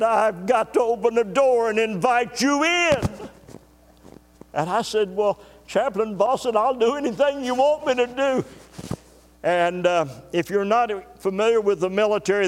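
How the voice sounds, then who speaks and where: A man's voice: high-pitched, normal speed, slight background noise. An older man preaching, telling a personal story in a folksy way and acting out the voices of the people in it. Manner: folksy, acts out quoted dialogue. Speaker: pastor. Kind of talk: sermon storytelling. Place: church sanctuary. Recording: long church reverb.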